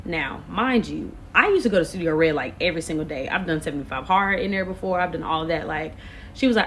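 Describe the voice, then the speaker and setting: A woman in her late twenties telling a storytime to camera, animated and expressive, full of slang. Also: sits low, fast, a little hiss or hum. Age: late 20s. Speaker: vlogger. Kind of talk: casual storytime.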